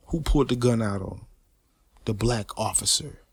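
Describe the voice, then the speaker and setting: A man, ranting in a profane, repetitive, animated way. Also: lowish voice, unhurried, pauses often, husky, no room sound, studio quality. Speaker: podcaster. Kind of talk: unscripted rant.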